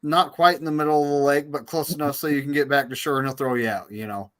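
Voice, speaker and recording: A man tells a story to friends in an easygoing, conversational way. His voice sits a little high, and he keeps it relaxed and matter-of-fact. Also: quick pace. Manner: easygoing anecdote teller. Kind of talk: casual chat.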